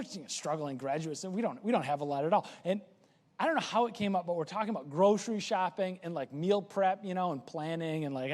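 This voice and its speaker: High-voiced chatty male pastor. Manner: chatty, restarts words, lively asides. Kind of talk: casual conversational sermon. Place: church sanctuary. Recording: church hall with long reverb.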